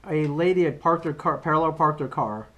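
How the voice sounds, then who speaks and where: A man's voice: on the high side, fairly quick, sharp tone. A man co-hosting a podcast, chatting casually and telling a story with loose restarts and fillers. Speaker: podcast co-host. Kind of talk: casual chat.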